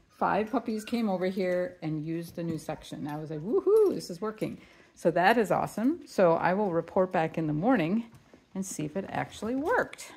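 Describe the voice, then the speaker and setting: Woman dog breeder, casual vlog, low voice, gravelly fry, indoor pen, phone camera, faint puppy noises behind. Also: darkish tone. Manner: chatty, coos at the puppies in a high baby voice. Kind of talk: casual vlog, showing puppies.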